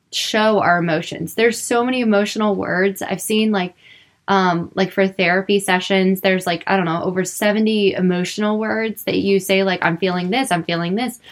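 A young woman speaking earnestly about faith and emotions in a personal, unscripted way, with lots of filler words. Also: mid-range voice. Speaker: Christian speaker.

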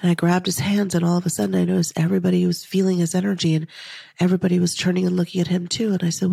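A woman hosts her own podcast, sharing an emotional story up close to the microphone. Her voice is husky with a gravelly edge, and she keeps her delivery flat and even. The sound is dry and close. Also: on the low side, fast, no echo. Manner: earnest, intimate, slips into soft whispers when quoting herself. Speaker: podcast host.

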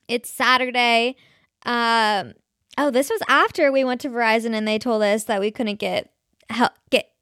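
Chatty young woman podcast host, higher voice. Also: no echo, clean studio sound. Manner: chatty, animated, laughs while telling stories, many "like" fillers. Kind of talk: casual storytelling monologue.

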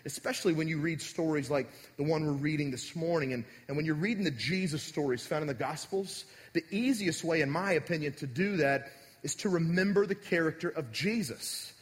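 A man's voice: a little high, brisk. Conversational male preacher in an echoey hall. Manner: conversational, direct, emphatic. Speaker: pastor. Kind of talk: sermon.

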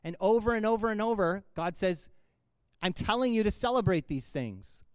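A man's voice: high voice, animated, normal speed, dry recording, clean studio sound. A man preaching a sermon as a pastor, talking casually and conversationally with fillers and laughs.

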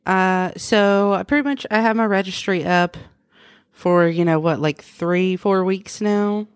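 A woman co-host in casual chat, chatty and quick to laugh. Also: medium pitch, clear, resonant tone, no room sound, clean studio sound.

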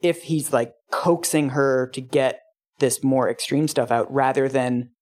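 A woman co-host in casual chat, reacting with wry, quick asides. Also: rumbling low, fairly even intonation, a little mellow. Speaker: podcast co-host.

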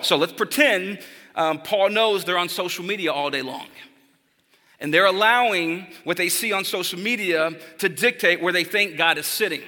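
A man preaching a sermon as pastor, animated and direct, calling on his listeners. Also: high voice, moderate pace. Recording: long hall reverb.

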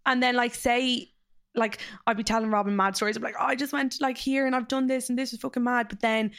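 A young Irish woman hosting a casual podcast chat with a friend. Her voice sits a little high, and she talks in a loose, gossipy way, laughing a lot and swearing casually. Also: fairly even intonation, quick pace, a bit bright. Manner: chatty, laughs often, swears freely. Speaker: podcast host.

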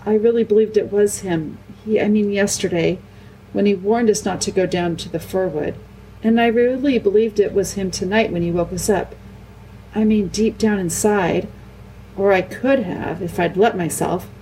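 A woman's voice: medium pitch, moderate pace, warm tone, a little hiss or hum, lightly acted, low-quality recording. A troubled older girl queen, as a woman reader puts her on, hesitant and faltering. She stumbles as she tries to explain herself. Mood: regretful.

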